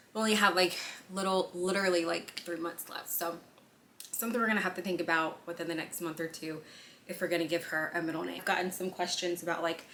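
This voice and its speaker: A young woman chatting casually in a pregnancy update vlog, with lots of fillers and quick asides and a slightly breathless delivery. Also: lowish voice, fairly bright tone, a little hiss or hum. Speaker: vlogger. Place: indoors on a lunch break.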